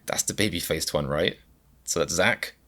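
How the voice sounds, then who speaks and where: Brief male reaction host, hard-to-place mixed accent, low-ish bright voice, jokey rambling delivery. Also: moderate pace. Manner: rambling, self-mocking and jokey. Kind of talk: comedic reaction vlog.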